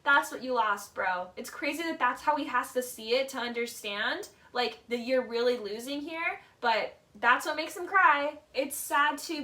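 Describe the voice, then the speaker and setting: A woman's voice: high-pitched, pushed and bright, far from the mic. A woman giving casual, opinionated commentary on a reality show. She talks in a chatty way, leans heavily on "like" and "literally", and acts out quoted lines in mock voices. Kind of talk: casual video essay commentary.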